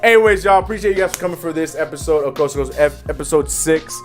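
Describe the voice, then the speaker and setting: A man's voice: fairly high pitch, fast, darkish tone, faint music behind. Laid-back man joking on a sports podcast. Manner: joking, teasing, laughs often. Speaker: podcast co-host. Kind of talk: casual sports podcast chat.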